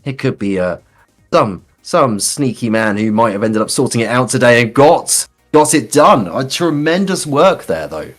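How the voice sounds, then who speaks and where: Male stream host, animated lively pitch, jokey theatrical banter, faint music underneath. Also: normal speed. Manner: jokey, theatrical, calls guests sir. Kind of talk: playful live-stream banter.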